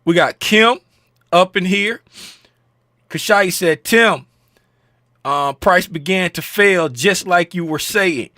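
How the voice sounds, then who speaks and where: A man with a high, bright voice chats loosely on a trading livestream, joking and greeting viewers one by one. He talks in an unhurried way, and the sound is close and dry with no room to it. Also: no room sound. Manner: joking, shouting out chat viewers by name. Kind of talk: casual livestream chat.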